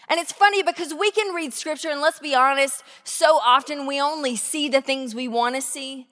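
A woman pastor giving a sermon, earnest and conversational, slowing down to stress key phrases. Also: high voice, a bit bright, long reverb tail. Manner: earnest, conversational preaching with slow emphatic phrases. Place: church sanctuary.

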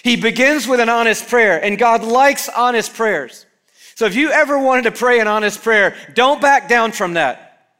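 A man preaches a sermon with a bright, crisp tone that sits high in his range. He is animated and keeps slipping into the voices of the people he quotes. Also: normal speed. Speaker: pastor. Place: church.

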